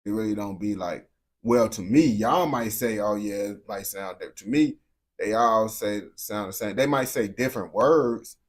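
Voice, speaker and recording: Speaking at a moderate pace with a fairly low voice, this young American streamer rants casually and without a script to his viewers. He's blunt and slang-heavy, frequently starting over and repeating himself.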